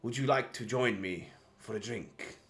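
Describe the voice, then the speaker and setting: A man's voice: lowish voice, moderate pace, a bit bright. A man voicing a pompous, formal nobleman with flowery manners in a tabletop game. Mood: courtly. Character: pompous, courtly nobleman, young adult.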